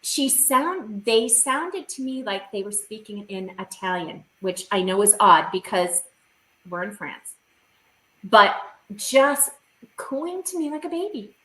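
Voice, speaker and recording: A woman's voice: mid-range voice, very animated, slow, sharp tone, roomy sound, rough recording. A woman guest on a video call, recounting a personal experience in vivid, emotional detail.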